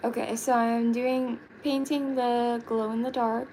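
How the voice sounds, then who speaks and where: A woman's voice: a little high, little pitch movement, unhurried, mellow, slight background noise, low-quality recording. A woman chatting casually on a live stream while painting her nails, giggly and full of fillers. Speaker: livestreaming vlogger.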